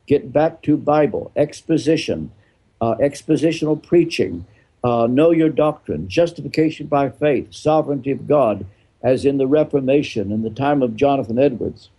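Older man, retired preacher, husky and dark-toned, emphatic with rhetorical questions. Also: mid-range voice, expressive, normal speed. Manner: emphatic, rhetorical questions answered himself, repeats phrases. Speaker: retired pastor, interview guest. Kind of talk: interview answer, preaching-style explanation.

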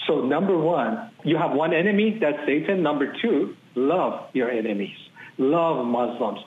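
A man tells his personal testimony as an interview guest, speaking earnestly and with emphatic repetition. His voice sits a little high for a man. The audio is thin and phone-like, with a roomy echo. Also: lively intonation, moderate pace. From Iran. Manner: earnest, emphatic, repeats phrases for weight. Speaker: ministry leader, interview guest. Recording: tinny phone-like audio in an echoey room.

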